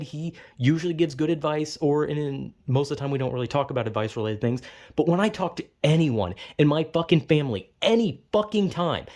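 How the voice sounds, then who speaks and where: A man venting angrily in a monologue, cursing often and calling himself melodramatic, swinging between heated outbursts and low, weary muttering. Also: darkish tone. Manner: angry, profane and self-described melodramatic. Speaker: vlogger.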